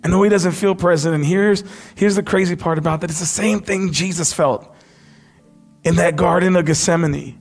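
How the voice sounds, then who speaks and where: A man preaching a sermon as pastor, impassioned, dropping to a hush when he quotes. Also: high voice, steady tone, moderate pace, soft background music. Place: church sanctuary.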